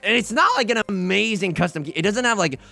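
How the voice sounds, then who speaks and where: A man hosts a let's play, talking through his moves in a casual, animated way. His pitch swings widely as he jokes, restarts sentences and pokes fun at himself. Faint game music plays softly behind him. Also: vocal fry. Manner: animated, joking, quick restarts and self-mocking asides. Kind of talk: casual gameplay commentary.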